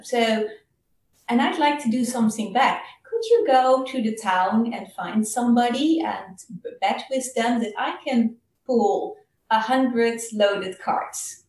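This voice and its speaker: Earnest male bull, read by a woman storyteller, gentle, mic far off in a roomy room. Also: on the high side, slow pace.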